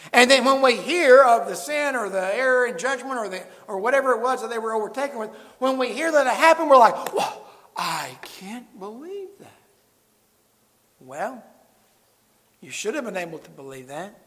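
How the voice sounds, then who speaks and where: A man preaching a sermon to his congregation, swinging between loud emphatic lines and quiet low asides. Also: lively intonation, quick pace, few pauses, big-room sound. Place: church sanctuary.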